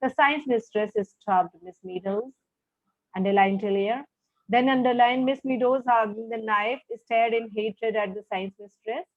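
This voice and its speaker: A woman teaches a literature lesson over a video call, walking through each passage slowly and checking in with "all right" after almost every point. Her voice sits fairly high. It comes through as thin, phone-like call audio with a dry, close sound. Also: no room sound. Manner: explanatory, checks understanding with frequent "all right". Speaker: English teacher.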